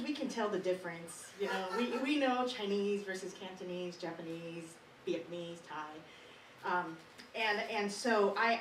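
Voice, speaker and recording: A woman's voice: mid-range voice, slight background noise. Giggly woman doing a comedy bit. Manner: chatty, giggles through her lines. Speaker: open mic performer. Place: small performance studio. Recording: roomy, distant live mic.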